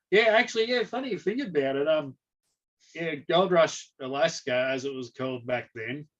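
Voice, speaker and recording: A man's voice: on the high side, moderate pace. Young Australian man, chuckling, lo-fi. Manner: relaxed, chuckling, casual. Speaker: guest. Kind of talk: casual chat on a livestream. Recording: dull lo-fi stream audio.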